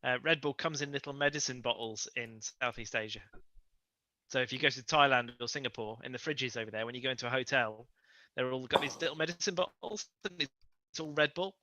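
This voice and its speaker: A man's voice: mid-range voice, brisk, bright, forceful tone. Man on a dull lo-fi line. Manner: chatty, brings up news items. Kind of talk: casual chat on a live stream.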